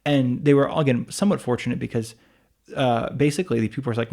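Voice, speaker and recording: A man's voice: mid-range voice, fast, a little mellow. A man co-hosting a casual podcast chat, telling a long rambling story full of restarts and asides. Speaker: podcast co-host.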